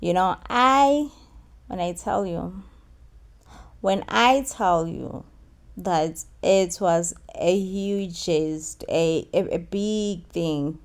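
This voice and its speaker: A woman with a South African accent giving a casual, animated recap of a TV episode, mixing in Zulu phrases and repeating lines for emphasis. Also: lowish voice, very slow. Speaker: recap host.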